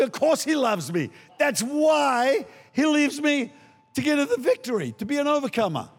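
Older male guest preacher, high lively voice, dramatic, reverberant sanctuary. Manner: animated, acts out voices, shouts for emphasis. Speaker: pastor. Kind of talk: sermon.

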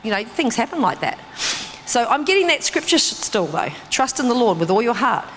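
A woman giving a sermon with a personal testimony, telling her story with animated, acted-out reactions that jump sharply in pitch. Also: fairly quick, a little hiss or hum. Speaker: preacher. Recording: long reverb in a hall.

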